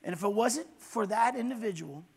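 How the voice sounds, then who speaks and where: A man preaching a fiery sermon in church, swinging from low intense murmurs to loud shouts. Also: expressive, brisk, husky.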